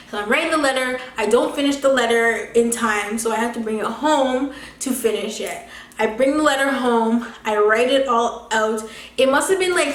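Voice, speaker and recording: Young woman vlogger, kinda high voice, animated and slangy, swears a lot, echoey room. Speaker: beauty vlogger. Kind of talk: casual storytime vlog.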